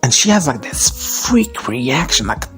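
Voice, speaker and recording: Male recap vlogger, loose and profane, medium voice over soft background music. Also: big pitch swings, a little slow. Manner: profane, rambling, slips into high-pitched quoted voices. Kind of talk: casual crack recap.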